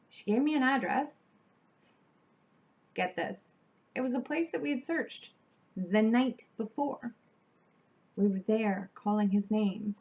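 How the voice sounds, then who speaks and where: A woman vlogger telling a storytime tale in a casual, animated way, acting out the voices of people she quotes. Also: a little high, takes it slowly, pauses often, dull audio. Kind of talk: storytime vlog.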